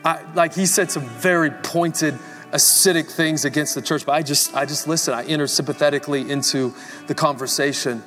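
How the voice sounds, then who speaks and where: A man's voice: fairly high pitch, fairly quick, a bit bright, faint music behind. A pastor preaching a live sermon to his congregation, telling a story and building to fervent emphasis. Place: large church hall before a congregation. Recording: live church recording with long reverb.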